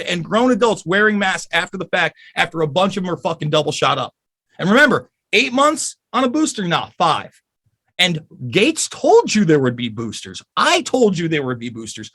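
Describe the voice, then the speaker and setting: Casting: high, very animated male voice, furious and swearing, podcast guest rant. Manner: angry, profane, emphatic.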